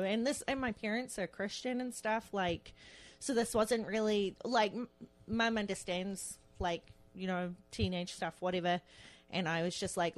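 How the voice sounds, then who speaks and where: Woman co-host, casual storytelling, laughs often, mid-pitched. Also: steady tone, normal speed. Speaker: podcast co-host. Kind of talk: casual chat.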